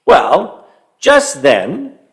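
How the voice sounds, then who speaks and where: A man telling a story to young children, animated and stopping to quiz them and have them join in. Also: a little high, very slow, vocal fry. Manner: animated, quizzes young listeners.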